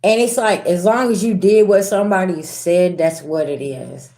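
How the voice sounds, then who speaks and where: Blunt sassy woman reading tarot, lowish mellow voice, echoey room. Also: moderate pace. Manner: blunt, sassy, with slang and swearing. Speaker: tarot reader. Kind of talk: casual spiritual reading to viewers.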